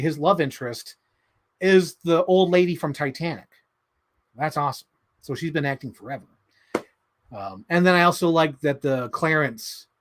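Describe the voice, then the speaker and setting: A young man hosting a casual livestream, excitable and quick to laugh, swearing as he talks about movies. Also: medium pitch. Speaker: livestream host.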